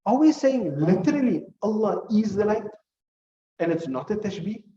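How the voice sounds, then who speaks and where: A man's voice: high-pitched, very animated, moderate pace, warm tone, echoey room, recorded from a distance, dull audio, slight background noise. A male teacher gives a classroom lecture, explaining with examples and putting questions to his students.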